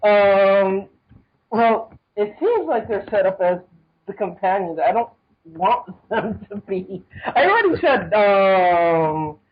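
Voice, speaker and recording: A podcast guest chatting over an online call, hesitant, filling pauses with ums and "you know". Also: mid-range voice, big pitch swings, slightly rough, lo-fi sound. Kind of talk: casual chat.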